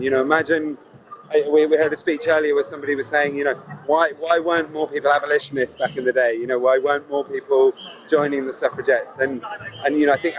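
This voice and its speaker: A man speaking as a climate activist in a street interview at a march, earnest and rambling, with lots of "you know". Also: a little high. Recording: dull lo-fi sound, loud street noise.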